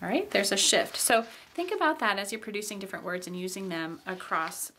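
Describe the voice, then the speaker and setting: A woman giving a recorded pronunciation lecture in a voice of middle pitch. She explains patiently, pausing on each example word and saying it slowly, then repeating it. Fillers such as "okay" and "um" mark her moves from point to point. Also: sharp tone. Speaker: teacher.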